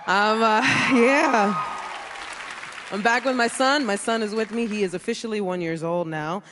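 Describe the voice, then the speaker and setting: Recorded through a stage mic amid a noisy, crowded theater and loud laughter, a woman from the South Bronx, New York, speaks at medium pitch. Her stand-up is brash and teasing, built on quick punchlines and playful impressions for a large live audience.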